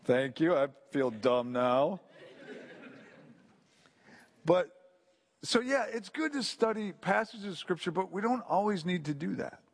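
A man's voice: high voice, animated, a little slow, pauses often. A man giving an informal sermon to a group, conversational and story-driven, with frequent restarts and asides. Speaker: pastor or Bible teacher.

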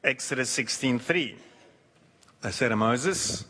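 A man preaching a sermon who acts out quoted voices, shifting his pitch and pace. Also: lively intonation, unhurried, sharp tone. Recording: long hall reverb.

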